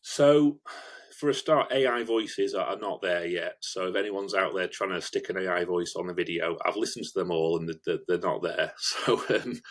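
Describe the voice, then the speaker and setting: Deep-voiced man. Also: moderate pace. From northern England. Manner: explanatory, repeats words as he goes. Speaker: video production company founder, guest. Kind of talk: conversational interview.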